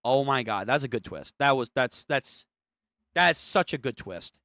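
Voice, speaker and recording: A young streamer reacting live to a manga, excitable and profane, often stammering and repeating words. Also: medium pitch, measured pace, no room sound, clean studio sound. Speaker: streamer reading a manga aloud.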